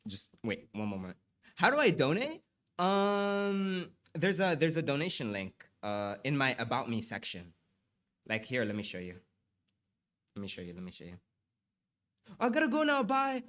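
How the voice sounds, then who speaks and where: A young man livestreams, chatting with viewers and reading aloud, often apologizing, stammering, and repeating himself, sounding a little stuffy from allergies. His medium-pitched voice is sing-song and a bit bright, at a moderate pace.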